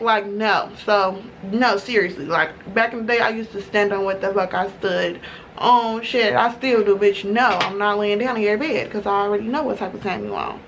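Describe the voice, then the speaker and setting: Profane, animated woman vlogger. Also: medium pitch, normal speed, slight background noise. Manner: profane, animated, slangy storytelling. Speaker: beauty vlogger. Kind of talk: casual storytime while doing makeup.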